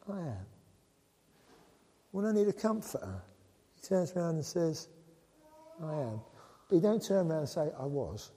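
Lively preacher in a reverberant hall. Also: male voice, high-pitched. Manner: animated, joking with the congregation. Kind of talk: sermon. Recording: long reverb of a large hall.

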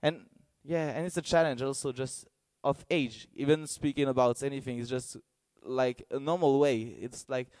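Male preacher, earnest and halting, dry close sound. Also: mid-range voice, dry recording. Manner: halting, searching for words, earnest; gets excited and loud in bursts. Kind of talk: sermon.

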